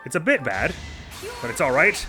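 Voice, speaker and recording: A man's voice: on the high side, very animated, moderate pace, over music. A man casually commenting on his own video game as a let's play host, thinking aloud with chatty, self-mocking asides.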